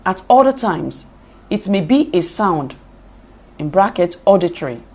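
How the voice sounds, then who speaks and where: A woman reading a poetry lesson aloud from notes in a deliberate, measured way, spelling out her examples. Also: lowish voice, big pitch swings, a little mellow, slightly rough. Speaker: lecturer. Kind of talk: slow read-aloud lecture on poetry.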